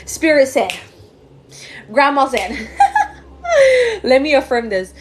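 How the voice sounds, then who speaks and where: A woman's voice: high-pitched, wildly swooping pitch, takes it slowly, a little hiss or hum. Emotional woman giving psychic readings. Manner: emotional, gushing, repeats words and fillers. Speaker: psychic medium. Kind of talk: live-stream reading. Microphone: phone or computer mic on a live stream.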